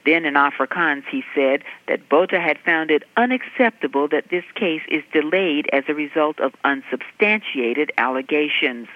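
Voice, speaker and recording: A woman correspondent delivering a reported news segment in a measured, even way. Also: sits low, no echo. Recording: dry, dull lo-fi line.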